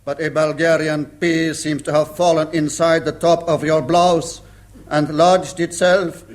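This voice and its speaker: A man's voice: on the high side, flat delivery, measured pace, lightly acted. A man playing a fussy waiter who is secretly a British agent in a 1960s radio comedy sketch. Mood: obsequious. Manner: obsequious, put-on foreign-waiter delivery.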